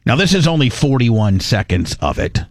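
A man's voice: mid-range voice, very animated, moderate pace, vocal fry, no room sound. A male podcast host whose commentary wanders and keeps doubling back on itself, restarting words as he goes. His tone is blunt and crude. The sound is close and dry, with almost no room at all. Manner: rambling, with many restarts and repeated words. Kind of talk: casual commentary.

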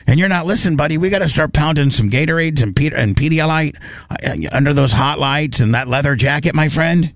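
A man's voice: a little high, brisk, no echo. A man hosting a talk radio show, chatting loosely with many fillers and jokes. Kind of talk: casual talk radio banter.

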